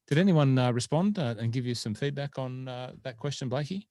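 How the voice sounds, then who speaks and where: A man's voice: mid-range voice, expressive, a little fast, a little mellow, no echo. A man hosting a podcast, chatting casually and rambling with lots of fillers. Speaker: podcast host. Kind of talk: casual chat.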